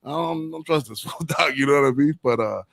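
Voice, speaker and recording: Casual host: quick, slangy man, a bit high, rambling talk. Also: gravelly, a bit bright, dry recording. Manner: rambling, slangy, says "dog" and "right?" a lot. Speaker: podcast host. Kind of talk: casual chat.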